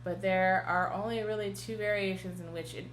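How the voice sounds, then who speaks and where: A woman cantor leads a lesson on chanting, explaining each pattern patiently. Her voice sits at a middle pitch. A faint hiss runs under the recording. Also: steady tone, moderate pace. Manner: explains patiently, then chants short sung examples. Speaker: cantor teaching Torah chanting. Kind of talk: class lesson with sung examples.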